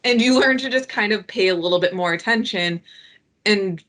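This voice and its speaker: A woman talking as a guest on a work podcast, animated and acting out what colleagues say. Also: mid-range voice, normal speed. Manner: animated, acts out quoted colleagues in lively voices. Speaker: project delivery guest. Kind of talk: conversational podcast talk.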